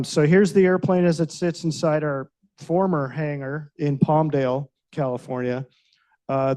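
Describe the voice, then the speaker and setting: A man's voice: mid-range voice, mellow. A middle-aged man, a pilot, giving a chatty, story-filled presentation with frequent fillers to a club meeting. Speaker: guest speaker, airline pilot. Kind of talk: casual presentation talk. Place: meeting room.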